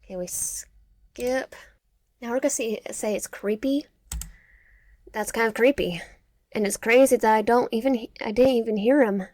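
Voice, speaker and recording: A woman's voice: fairly high pitch, normal speed, long pauses, darkish tone, dry recording. A young woman playing a visual novel, reading its lines aloud, stumbling over words and adding quips. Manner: reads game text aloud, often stumbling and restarting words; quips between lines of the game. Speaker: gaming YouTuber. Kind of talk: let's play of a visual novel, reading dialogue aloud with asides.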